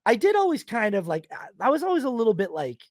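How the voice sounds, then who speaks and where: Brief: male podcast host, higher register, dry close sound, lively and jokey, quotes characters in put-on voices. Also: fast, no echo. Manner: animated, acts out characters in silly quoted voices. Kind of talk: casual film podcast chat.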